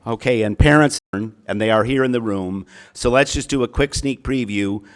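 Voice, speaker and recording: A man's voice: medium pitch, normal speed. A middle-aged man with a Minnesota accent giving a folksy keynote speech as a college counselor, often repeating his phrases.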